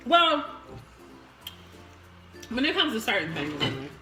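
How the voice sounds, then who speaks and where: A woman's voice: a little high, wildly swooping pitch, measured pace, echoey room, music in the background. A woman chatting casually to her viewers in a home vlog, laughing often and calling them y'all. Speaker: vlogger. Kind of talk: casual mukbang chat.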